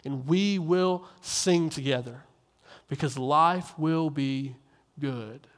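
A man's voice: on the high side, takes it slowly. A young man preaching from a stage, telling stories earnestly and repeating phrases as he builds his point. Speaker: minister. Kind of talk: sermon on stage. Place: large hall on a stage. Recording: long hall reverb.

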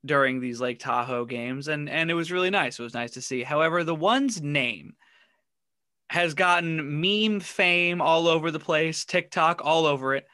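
A man's voice: a little high, moderate pace, bright, forceful tone, no echo, studio quality. A man co-hosting a casual sports podcast, recounting funny stories and laughing often. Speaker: podcast co-host.

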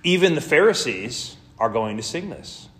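A man's voice: mid-range voice, sing-song, moderate pace, fairly bright tone. A man preaching a sermon as pastor, in a casual, conversational way with slangy asides.

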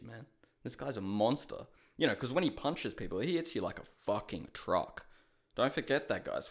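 A man giving a casual, profane fight recap monologue, ranting and calling his viewers "guys.". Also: on the low side. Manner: animated, shouts reenacted outbursts. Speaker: MMA commentary host.

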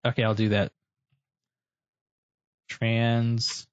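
A man's voice: medium pitch, completely flat delivery, takes it slowly, clean tone. A man hosting a casual podcast chat, joking around and stretching words out in mock-serious asides. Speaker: podcast host.

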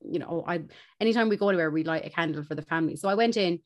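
A young Irish woman, a podcast co-host, telling a story in casual chat, animated and swearing, laughing as she goes. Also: on the low side, very fast.

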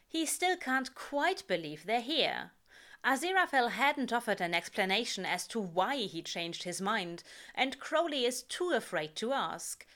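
A woman reading a story aloud in a measured, calm narration. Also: mid-range voice. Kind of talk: reading fan fiction aloud.

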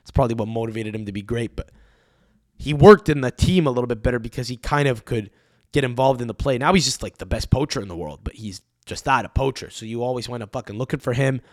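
A man's voice: mid-range voice, quick pace, dry recording, studio quality. Profane young man ranting on a podcast. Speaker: podcast host.

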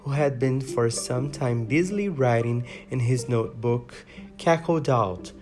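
A man's voice: mid-range voice, a little slow, faint music behind. A man hosting a podcast lesson, chatting upbeat and reading a storybook aloud. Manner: upbeat, chatty greetings, then steady reading. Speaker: podcast host and English teacher.

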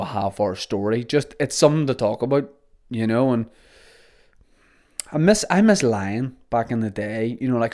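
A man's voice: mid-range voice, darkish tone. A man hosting a casual solo podcast, rambling through joking stories. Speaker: podcast host.

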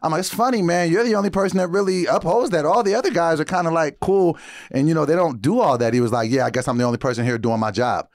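A man's voice: on the high side, fast talker, dry recording, studio quality. A young adult man co-hosting a podcast, telling a story in casual chat and acting out the people in it. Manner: animated, acts out quotes, frequent laughter. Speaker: podcast co-host.

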